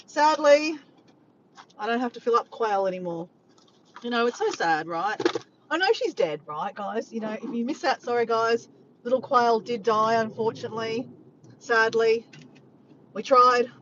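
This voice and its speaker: Driving and filming on her phone, an Australian vlogger chats casually with her live chat in a fairly high, slightly bright voice. She's expressive, talks at normal speed and pauses often, while the car audio is dull with slight background noise.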